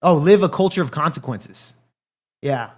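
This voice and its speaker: A man with a slightly high voice hosts a casual livestream. He rambles in a crude, profane way and keeps talking straight to the viewers in his chat. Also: animated, moderate pace. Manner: talks straight to live chat. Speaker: livestream commentary host.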